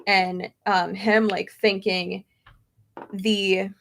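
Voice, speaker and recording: A woman's voice: medium pitch, level tone, extremely slow, gravelly, a bit bright. A young woman chatting casually, answering viewer questions with lots of fillers and tangents. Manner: chatty, rambling with many fillers. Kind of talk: casual chat.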